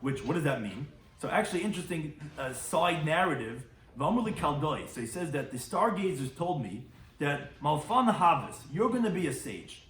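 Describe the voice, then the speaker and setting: A man's voice: on the high side, big pitch swings, moderate pace, fairly bright tone, roomy sound, far from the mic, a little hiss or hum. A man, a rabbi, giving a Talmud lecture and translating Hebrew and Aramaic terms as he goes. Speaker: rabbi teaching a daily Talmud class.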